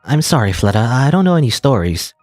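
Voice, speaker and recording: Man voicing gentle, apologetic young girl heroine, lilting delivery, faint music behind. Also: medium pitch, big pitch swings, brisk, no echo, natural voice. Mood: tender.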